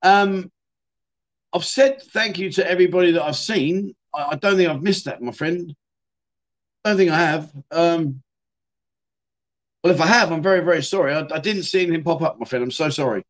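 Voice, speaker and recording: A man's voice: fairly high pitch, normal speed, pauses often. Chatty rambling man. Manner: chatty, rambling, repeats words and restarts often. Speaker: livestream host. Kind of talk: casual livestream chat reading viewer comments.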